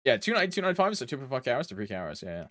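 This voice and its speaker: A young man from Britain talks casually to his stream chat, rambling from one thought to the next and humming softly between lines. His pitch swings widely up and down. The sound is dry and close, with no room echo. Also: sing-song, rapid-fire. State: allergies flaring up.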